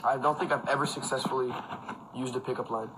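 A man's voice: mid-range voice, steady tone, quick pace, background noise. A young man hosting a casual phone livestream from home, talking loosely with lots of fillers and frequent laughs. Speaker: livestream host. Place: indoors at home with a fan.

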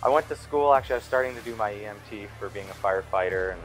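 A young man giving a relaxed interview as a hockey player, rambling with lots of fillers and restarts. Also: lowish voice, rapid-fire, soft background music, low-quality recording. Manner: laid-back, rambling, many fillers and restarts. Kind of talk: casual interview chat.

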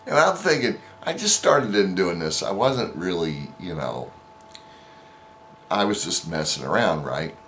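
A man's voice: deep voice, big pitch swings, unhurried, a bit bright, slight background noise. A man vlogger casually telling an anecdote in a rambling way, with many fillers and restarts. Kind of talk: casual storytelling.

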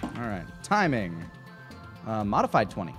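A man's voice: on the low side, huge pitch swings, normal speed, music in the background. A man playing in a tabletop game, making dry, wry remarks. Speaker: player.

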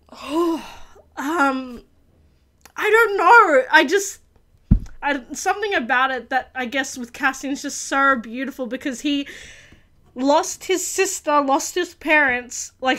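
A young woman hosting a reaction video, chatting excitedly and getting emotional as she comments. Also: high-pitched. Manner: gushing, emotional, laughs and cries easily.

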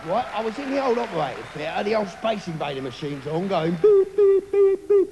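A man's voice: high voice, expressive, fast talker, highs cut off, very noisy. A man playing a brash, boastful working man, telling a swaggering story live on stage. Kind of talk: live stand-up character comedy. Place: comedy club stage, live audience. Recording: reverberant live venue, faint ambience.

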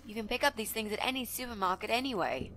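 A hesitant, helpful neighbour. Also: female voice, fairly high pitch, lively intonation, fast talker, noisy background. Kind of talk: video game voice acting.

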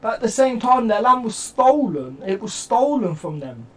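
A man's voice: very high voice, very animated, moderate pace, a bit bright, distant mic, low-quality recording. A man with an English accent giving a casual, rambling reaction commentary, full of slang and swearing. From England. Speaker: reaction YouTuber.

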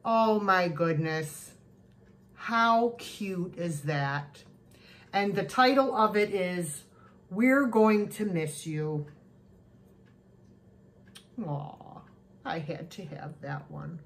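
A woman's voice: fairly low pitch, animated, very slow, pauses often. A woman chatting casually to camera as she shows her yard sale haul, gushing over each cute find. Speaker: thrift haul vlogger. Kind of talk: casual show-and-tell chat.

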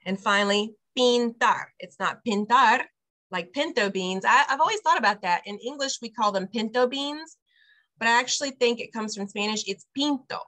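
A woman's voice: a little high, lively intonation, moderate pace, sharp tone. A middle-aged woman, a preschool director, teaching parents Spanish words over a video call, explaining patiently and laughing often. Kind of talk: online Spanish lesson for parents.

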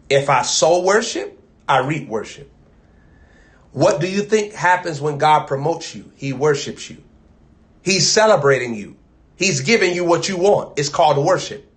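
Fervent American preacher, chanting man. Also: a little high. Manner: chanting, repeating phrases, swinging from loud to soft. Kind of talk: sermon.

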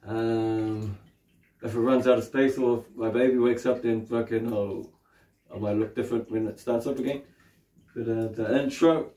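A man's voice: mid-range voice, steady tone, moderate pace, warm tone. New Zealand man, roomy distant sound. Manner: loose, swears freely, frequent tag questions. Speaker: meditation teacher. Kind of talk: casual spoken teaching.

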